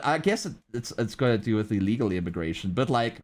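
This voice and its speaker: Lively, rambling young male streamer. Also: mid-range voice, a little fast. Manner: rambling, hesitant, laughs often. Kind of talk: casual livestream chat.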